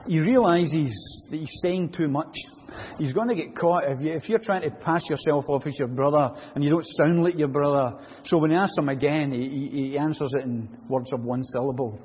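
A man preaching a sermon in a church, animated and full of rhetorical questions. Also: a little high, normal speed, big-room sound, muffled recording, a little hiss or hum.

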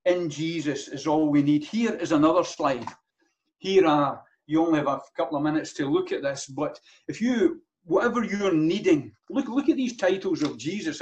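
A man's voice: on the high side, normal speed, a little mellow. A man preaching a sermon as pastor, earnest, with many rhetorical questions and repeated phrases. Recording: dull lo-fi sound.

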